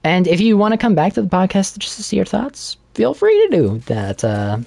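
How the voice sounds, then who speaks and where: A man co-hosting a casual podcast, chatting while playing a game and retelling a plot with animated laughter. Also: high voice, normal speed, gravelly. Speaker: podcast co-host.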